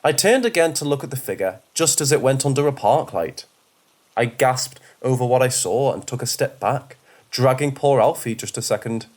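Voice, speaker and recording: A man narrates spooky stories in a mid-range voice. His reading is steady and measured. It sounds like scripted horror narration. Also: mid-range voice.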